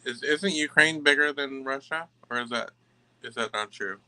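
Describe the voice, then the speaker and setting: A man giving a tarot reading to camera, emphatic and halting, often stopping to restart his sentences. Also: mid-range voice, pushed and bright, clear, resonant tone, poor audio. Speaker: tarot reader.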